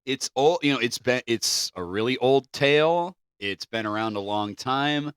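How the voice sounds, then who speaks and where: A man's voice: medium pitch, expressive, moderate pace, fairly bright tone, smooth, dry recording. A man co-hosting a podcast, reading facts from notes and then joking around casually. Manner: joking, loose, swears casually. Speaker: podcast co-host.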